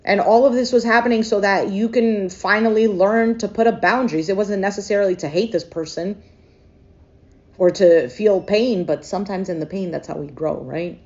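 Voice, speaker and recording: A woman reading tarot in a loose, chatty way. Her voice sits in an ordinary middle register. She is openly emotional, pauses often and thinks aloud, and the recording sounds dull and lo-fi. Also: medium pitch, a little mellow. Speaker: tarot reader. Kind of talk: casual tarot reading to camera.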